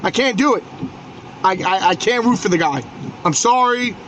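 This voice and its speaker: Male New podcast host, high voice, hot-headed profane sports rant, stammering restarts, noisy background. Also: lively intonation, moderate pace, a bit bright.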